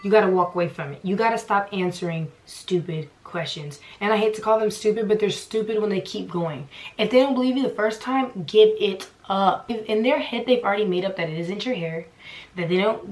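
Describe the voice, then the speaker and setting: A woman's voice: medium pitch, brisk. A young woman telling a casual storytime vlog with sarcastic asides, acting out the people she quotes. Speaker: vlogger.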